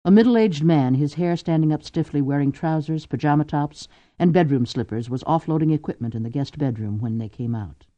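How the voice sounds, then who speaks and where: Male narrator, lively and mellow-toned, dry, slightly dull audio. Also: a little high, no echo. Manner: expressive reading. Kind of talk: scripted narration.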